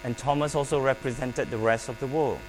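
A man preaching a sermon, emphatic and paced with pauses, calling on the congregation to repeat his words. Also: medium pitch, steady tone. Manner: emphatic, with pauses and call-and-response prompts. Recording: faint mains hum.

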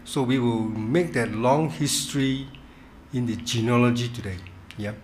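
Halting man teaching Bible study. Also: mid-range voice, darkish tone, a little hiss or hum. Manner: halting, repeats words, stresses key words. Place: church.

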